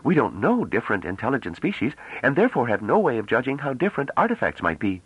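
Guy doing a calm bookish historian, measured, lively pitch, dry sound. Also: breathy edge, dry recording, muffled recording. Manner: measured, reasoning. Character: calm, placid male historian. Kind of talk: audiobook character reading.

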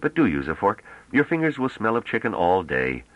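A man's voice: on the low side, wildly swooping pitch, a little fast, fairly bright tone, dry recording, highs cut off, voice pushed up. A man voicing a tense, restless ex-navy politician in an audiobook, impatient and sarcastic. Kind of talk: audiobook character reading.

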